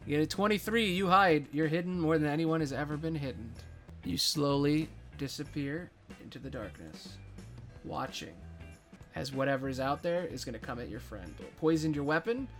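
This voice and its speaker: A man's voice: a little high, fast talker, few pauses, soft background music. Man running a tabletop game. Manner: casual, dramatic narration with dice calls. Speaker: game master.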